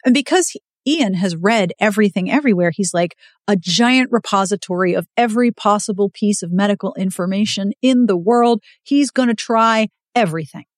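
A podcast co-host with a medium-pitched, brisk voice recaps a novel in casual conversation, acting out characters' lines as an animated storyteller and swearing casually. The sound is clean studio audio with no echo.

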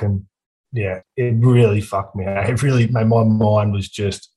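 A man's voice: lowish voice, fairly even intonation, a little slow, warm tone, poor audio. A young Australian man, a podcast guest, telling his story frankly with plenty of swearing in casual conversation.

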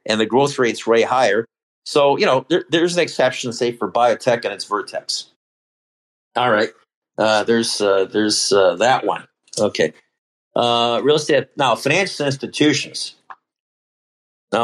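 Older male guest, ex-salesman, chatty and digressive about charts, mid-range voice. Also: mid-range voice. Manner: rambling, full of fillers and restarts. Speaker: podcast guest, former institutional equity salesman. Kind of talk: casual chat analysing stock charts.

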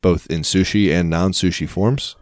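A man's voice: low voice, steady tone, moderate pace, dry recording, studio quality. A man co-hosting a casual podcast chat, joking around, swearing freely and slipping into mock accents. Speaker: podcast co-host.

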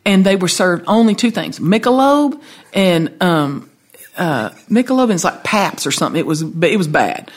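Southern-accented woman, lowish husky voice, lively raconteur guest. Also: normal speed. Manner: chatty, animated storytelling with laughs. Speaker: songwriter guest. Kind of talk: casual storytelling chat.

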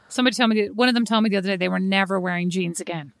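A middle-aged woman co-hosting a casual chat, telling animated stories and teasing her friend. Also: medium pitch, racing, vocal fry, no room sound, studio quality. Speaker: podcast co-host.

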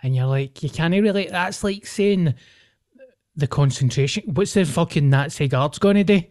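A man's voice: fairly high pitch, normal speed, darkish tone. A man with a Scottish accent, co-hosting a podcast in casual chat, blunt and swearing freely. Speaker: podcast co-host.

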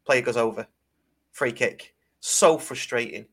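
A man, hosting a fan podcast in casual chat and telling stories in an animated way. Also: medium pitch, a little slow, breathy edge. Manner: chatty, animated storyteller with restarts. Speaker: podcast host.

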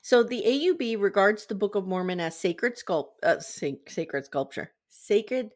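A woman's voice: mid-range voice, expressive, a little slow. A woman co-hosting a casual podcast, reading research notes aloud and stumbling over words now and then. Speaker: podcast co-host.

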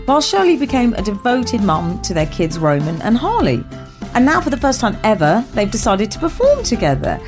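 Woman reading a lively intro over music. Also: medium pitch. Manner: upbeat, read from script. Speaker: show presenter. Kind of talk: scripted introduction.

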